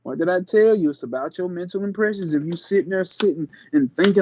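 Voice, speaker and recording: A man hosting his channel, reading a spiritual text aloud slowly and emphatically and breaking off into slangy, casual asides. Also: high voice, muffled recording, background noise. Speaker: channel host.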